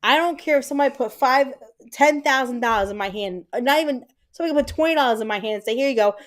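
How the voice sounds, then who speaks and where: A woman's voice: high-pitched, fast. A woman in her thirties hosting a live stream, chatting casually and telling stories with lots of swearing. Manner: animated, profane storytelling. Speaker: livestream host.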